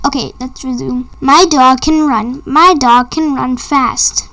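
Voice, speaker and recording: A woman with a high voice reads a children's picture book aloud, line by line. She goes at a simple, halting pace, trips over a word now and then, and stops to add chatty asides about the story. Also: fairly even intonation, pushed and bright. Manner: simple, halting read with small slips and asides. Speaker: read-aloud host.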